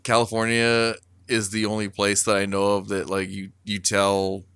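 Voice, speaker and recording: This man's voice is lowish and completely flat, at a moderate pace, fairly bright with a clear, resonant tone and studio quality with no room sound. Co-hosting a podcast, he tells a meandering, profane story packed with fillers.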